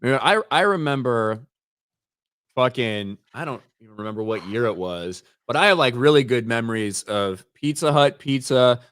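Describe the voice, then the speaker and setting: A man's voice: medium pitch, animated, moderate pace, a bit bright, smooth, no room sound. Male stream host, casual and profane, rambling delivery, close dry mic. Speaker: show host reading viewer comments. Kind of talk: casual livestream chat.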